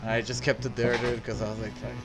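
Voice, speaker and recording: A man from El Paso, Texas co-hosts a casual podcast, telling crude stories full of swearing and laughter. His mid-range voice has little pitch movement and a quick pace, with music playing in the background.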